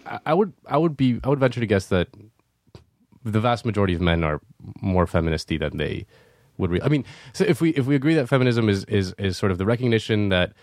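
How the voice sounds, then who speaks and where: A man's voice: lowish voice, animated, fast talker, darkish tone, no room sound, studio quality. A young man in casual conversation, explaining politics earnestly with frequent hesitations and restarts. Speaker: podcast guest.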